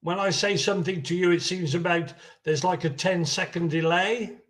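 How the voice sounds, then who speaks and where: A man from England who has lived in Western Australia a long time, with an English accent carrying a slight Australian twang, calling into a live stream and speaking in a hesitant, halting way. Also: sits high. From England, living in Western Australia. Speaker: caller.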